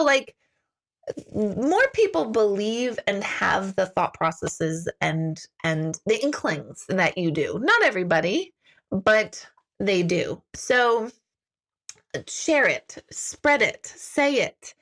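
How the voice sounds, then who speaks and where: Giggly woman host, somewhat high voice, casual self-mocking live-stream chat with viewers. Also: a bit bright. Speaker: intuitive reader hosting a live stream.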